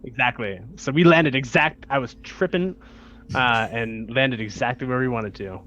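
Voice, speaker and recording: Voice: medium pitch, normal speed, a bit bright, dull audio. A tabletop game player who talks in a giggly, playful way.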